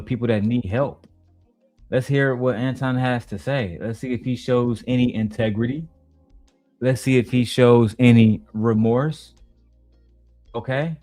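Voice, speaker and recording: A man's voice: medium pitch, a little mellow, no room sound. A man hosting a casual reaction commentary, profane and mocking, laughing often. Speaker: commentary host.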